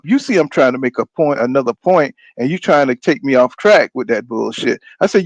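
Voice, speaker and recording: A man's voice: mid-range voice, lively intonation, fairly quick, hardly any pauses, no room sound. A man hosting a boxing podcast. He talks in a casual, rambling way, gets heated and swears a lot, and keeps saying "you know what I'm saying". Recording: dull, dry lo-fi sound.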